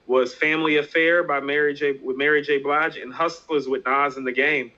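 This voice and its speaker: A man co-hosting a casual hip hop talk show, animated and emphatic, repeating himself for effect. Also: a little high, moderate pace, lo-fi sound. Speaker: podcast co-host.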